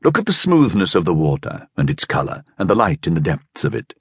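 A man's voice: low voice, huge pitch swings, brisk, slightly rough, dry recording, studio quality, exaggerated voice. A man voicing a cool, mysterious young man who teases and coaxes, in an audiobook. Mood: persuasive. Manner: cool, teasing, coolly persuasive. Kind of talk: audiobook character voice.

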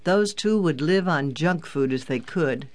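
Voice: medium pitch, animated, measured pace, a little mellow, natural voice. An audiobook narrator voicing a helpful older boy who answers eagerly. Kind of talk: audiobook character voice.

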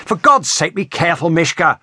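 A man voices a well-bred Englishman, breathless and pleading. The voice jumps high and strained, with a dry, close sound. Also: sing-song, a little fast, sharp tone, no room sound, full character voice.

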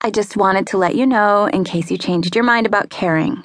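A woman voicing a chatty, teasing young woman on a phone call, lively and prying in her questions. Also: medium pitch, brisk, no room sound, clean studio sound, natural voice. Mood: light, curious.

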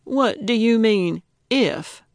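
A bold, prickly old woman who plays sleuth, put on by a woman narrating a storybook. She talks slowly and emphatically, her voice raised and a bit gravelly, quick to take offense, in a dry, close recording. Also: a little high, expressive, dry recording, pitched above the performer's own voice. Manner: indignant, emphatic. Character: feisty elderly woman detective with a walker.

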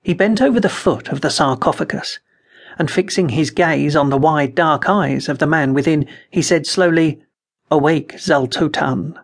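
Male narrator, fantasy audiobook, fairly high voice with gravelly grain, measured and dramatic.

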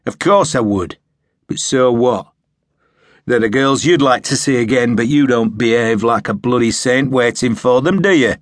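A man's voice: mid-range voice, normal speed, dry recording, studio quality, lightly acted. A man voicing a tough army captain who talks harshly and swears a lot. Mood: gruff.

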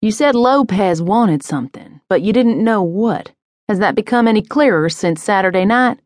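A woman narrator voicing a calm adult male police detective who presses gently and sounds sympathetic. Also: mid-range voice, moderate pace, no echo, clean studio sound, close to an everyday voice. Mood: persistent.

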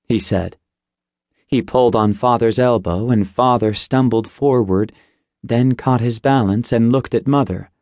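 A man narrating an audiobook in a steady, plain storytelling voice. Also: fairly low pitch, normal speed, no echo, studio quality. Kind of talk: scripted narration. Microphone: close studio mic.

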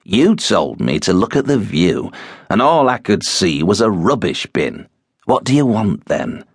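A man voicing a bad-tempered middle-aged husband who mutters gruffly, in an audiobook. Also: on the low side, sing-song, unhurried, no echo, studio quality, heavily acted. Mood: grumbling.

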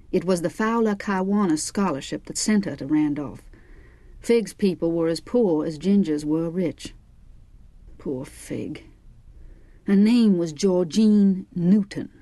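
A woman narrating a novel in the first person, with measured, wry storytelling. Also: fairly low pitch, dark tone, no echo. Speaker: audiobook narrator.

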